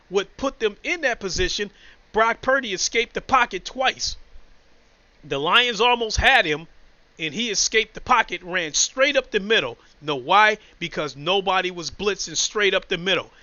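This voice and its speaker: Man with a high, bright voice, blunt casual sports rant, muffled and dry. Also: no room sound. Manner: blunt, profane, emotional storytelling. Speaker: sports commentator.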